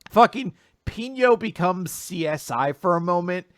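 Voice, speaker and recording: A fairly high-voiced man chats through a comic recap in a lively, casual way, often laughing and putting on quick voices for the characters. His voice sits close and dry on the mic, with no room around it. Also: dry recording. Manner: animated, acts out characters' lines, laughs often. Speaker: podcast co-host. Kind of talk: casual manga recap chat.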